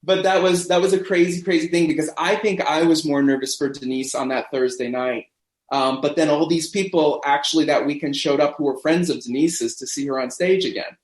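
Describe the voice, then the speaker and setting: A man in a casual podcast chat, telling lively backstage stories and acting out what people said. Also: a little high, fairly quick. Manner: animated storyteller who acts out quoted voices. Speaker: podcast guest. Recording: roomy echo.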